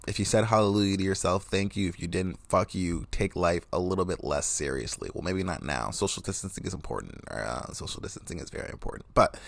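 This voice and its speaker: A man's voice: deep voice, lively intonation, a little fast, gravelly, hardly any pauses, dry recording. A man hosting a podcast, delivering a rambling, sarcastic, profane comedic monologue into a close mic. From United States. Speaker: podcast host.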